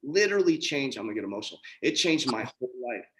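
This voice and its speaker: A man in his forties speaks on a group video call as a motivational coach. His delivery is earnest and emphatic, and he often repeats his key points for effect. His voice sits at an ordinary middle pitch. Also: sing-song, quick pace, fairly bright tone. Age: 40s. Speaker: coach and community host.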